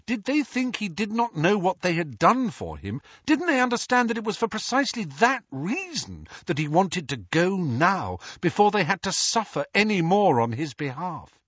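A male audiobook narrator reading slowly and expressively, with a wide, lively pitch range. His voice is husky, and the recording is dry and a little dull. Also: no echo.

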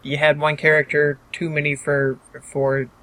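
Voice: mid-range voice, monotone, a little slow, a bit bright. A young adult podcast co-host chatting casually, often hesitating with fillers.

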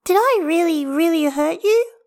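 Shrill, dramatic little girl, very high and loud, storybook reading. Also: animated, moderate pace. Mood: worried. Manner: shrill, squealing, theatrical.

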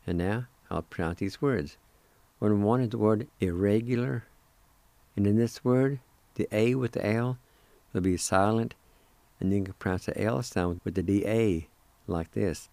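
Patient older male radio teacher, deliberate syllable drills, warm dark tone. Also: on the low side, vocal fry, dry recording. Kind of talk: slow spelling and pronunciation lesson.

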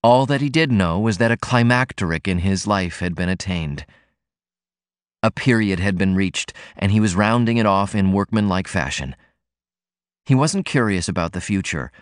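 Low-voiced male audiobook narrator, dry. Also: lively intonation, normal speed, clean tone, no echo. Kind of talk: scripted narration.

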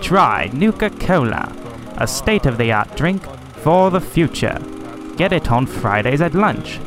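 A man playing an upbeat old-time radio pitchman, selling hard in a brisk, salesy voice. Loud music runs under the whole read, like a played-back school announcement clip. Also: very animated. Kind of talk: retro-themed school announcement ad.

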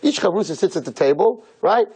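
Poor audio captures a rabbi's animated, fairly quick lecture to a room of girls, delivered like a sermon. His voice is a little mellow and husky, swinging widely in pitch and jumping high on key points as he preaches emphatically with repeated phrases and rhetorical questions.

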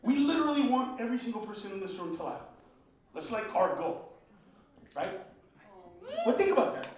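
Brash high-voiced male comic, echoey club. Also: sing-song, fairly quick. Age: middle-aged. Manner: brash, profane, shouting punchlines; slips into Spanish phrases. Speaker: stand-up comedian. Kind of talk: stand-up set. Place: comedy club stage. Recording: echoey club, mic at a distance, crowd noise. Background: laughing crowd.

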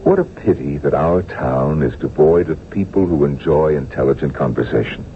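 A deep-voiced, weary doctor. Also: male voice, moderate pace. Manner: soft-spoken, apologetic, melancholy. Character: weary, timid, gentle male town doctor. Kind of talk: 1970s radio drama acting. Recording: tinny old radio broadcast, faint hiss.

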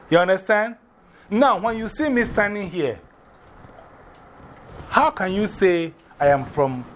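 A man with an African accent teaching a class, animated and often putting questions to the students. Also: a little high, slight background noise.

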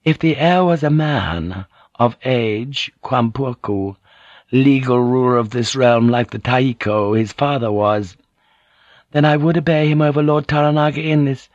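A man's voice: medium pitch, a little slow, dry recording, highs cut off, pitched above the performer's own voice, natural voice. A man voicing a devout noblewoman who answers formally and politely but firmly. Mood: resolute. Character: proud, devout noblewoman, calm and resolute.

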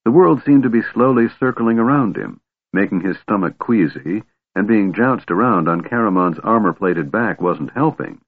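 An audiobook narrator reads a fantasy novel aloud in measured, steady, scripted narration. His lowish voice has a breathy edge, and the dry recording has a tinny, phone-like band with no echo.

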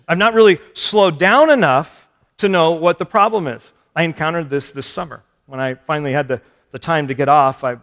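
Speaking at a medium pitch with a fairly bright tone, a male pastor delivers a conversational sermon. He pokes fun at himself and tosses rhetorical questions to his listeners, and the long reverb of a large hall surrounds him.

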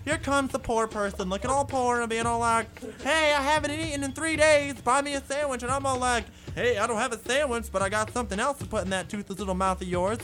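A man's voice: very high voice, fast, fairly bright tone, voice pushed up. A man playing a rude young man who mocks and insults everyone in a comedic rant. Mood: snide. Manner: snide, insulting, mocking.

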